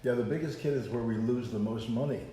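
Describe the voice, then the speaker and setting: A man's voice: mid-range voice, fast talker, warm tone, very echoey, a little hiss or hum. An older man sitting in on a sales show, dropping dry one-line wisecracks. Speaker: host's husband, guest.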